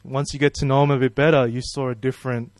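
A man's voice: medium pitch, level tone, fast talker, dry recording. A man preaching a sermon in a friendly, conversational way, praying and asking the congregation questions. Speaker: pastor.

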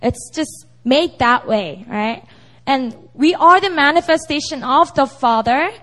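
A young woman preaches in a relaxed, chatty way, often asking her listeners if they follow. Her voice sits high and swings widely in pitch. She sounds conversational rather than formal. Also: unhurried. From South Korea. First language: Korean. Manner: chatty, with frequent "you know" and "right?". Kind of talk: casual, animated sermon.

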